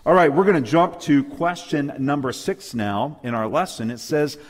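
Male preacher, slightly raised pitch, emphatic sermon style, lingering hall reverb. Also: normal speed. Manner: emphatic, rhetorical questions, calls for amen. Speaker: preacher co-leading a Bible lesson. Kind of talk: sermon-style Bible study. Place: church hall with live and online audience.

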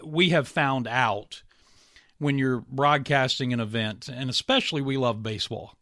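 A man in his late fifties with a bright, forward voice, recorded close and dry. He hosts a casual interview in a folksy, rambling way and pokes fun at himself along the way. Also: mid-range voice, normal speed, no room sound. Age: 50s. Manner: folksy, chatty, self-deprecating humor. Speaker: host and baseball broadcaster.

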